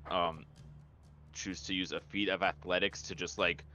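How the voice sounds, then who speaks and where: A man's voice: low voice, fairly even intonation, normal speed, bright, forceful tone, lo-fi sound. A man talking through his moves as a tabletop game player, hesitant and thinking aloud. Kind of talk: casual game talk.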